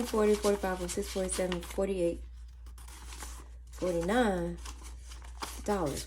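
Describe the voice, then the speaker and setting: Chatty woman counting cash. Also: mid-range voice. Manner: chatty, animated storytelling, counts money under her breath. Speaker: budgeting vlogger. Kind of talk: casual storytelling while counting cash. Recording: faint background noise and clicks.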